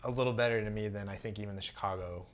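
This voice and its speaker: A young man co-hosting a podcast, talking in a relaxed, easygoing way with frequent ums and pauses. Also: on the low side. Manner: relaxed, easygoing, halting with fillers. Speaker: podcast co-host. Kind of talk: casual sneaker chat.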